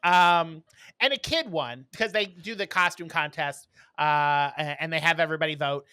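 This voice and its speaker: A man's voice: fairly high pitch, moderate pace, pushed and bright, clear, resonant tone, no echo. A man co-hosting a casual podcast chat, telling stories in a blunt, snarky way. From New York. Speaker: podcast co-host.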